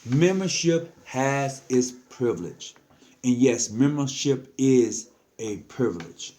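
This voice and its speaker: A man's voice: medium pitch, lively intonation, takes it slowly, warm tone. An earnest man talking casually to the camera, giving frank advice as a lodge member, often repeating himself and slipping into slang.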